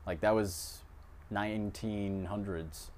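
Rambling, cursing podcast bro. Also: male voice, fairly low pitch, steady tone, darkish tone. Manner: rambling, quick to correct others, swears casually. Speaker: podcast co-host. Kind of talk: casual chat.

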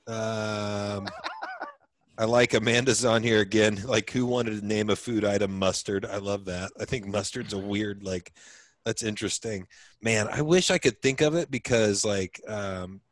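A man's voice: fairly low pitch, steady tone, unhurried, dry recording. A man co-hosting a casual podcast chat, rambling with fillers and hesitations. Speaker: podcast co-host.

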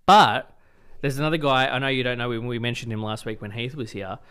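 Aussie bloke on a podcast, chatty and opinionated, average pitch. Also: male voice, fairly even intonation, fairly quick, a bit bright, smooth. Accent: Australian. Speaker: podcast co-host. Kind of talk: casual chat.

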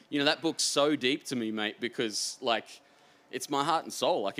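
A man, an author, telling rambling, animated stories in a live on-stage interview. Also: on the low side. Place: stage before a live audience.

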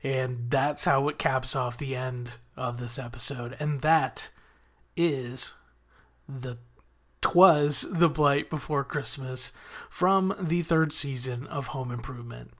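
A man's voice: mid-range voice, takes it slowly. A man hosting a podcast, recapping a TV episode in an enthusiastic, rambling way with frequent chuckles. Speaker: podcast host reviewing a TV episode.

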